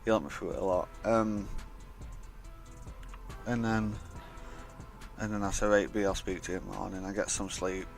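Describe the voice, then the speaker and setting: A man's voice: sits low, flat delivery, moderate pace, creaky, long pauses, faint music behind. A young man telling a rambling, blunt, sweary story in a casual vlog. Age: young adult. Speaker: vlogger.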